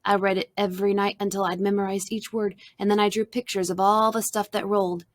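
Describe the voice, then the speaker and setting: A woman reading a children's storybook aloud, narrating softly and expressively in the first person. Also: mid-range voice, level tone, a little fast, no room sound.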